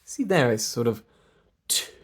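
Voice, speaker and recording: A man's voice: mid-range voice, very animated, a little slow, breathy edge. A man with an English RP accent, coaching pronunciation by drilling sounds one at a time and explaining them. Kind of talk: slow pronunciation lesson.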